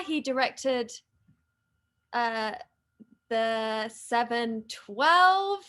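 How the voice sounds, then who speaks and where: A woman casually chatting with fans on a livestream from her home, excitable and reading comments aloud. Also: fairly high pitch, slow pace. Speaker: actress hosting a fan livestream. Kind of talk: casual live-stream chat reading comments. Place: living room at home.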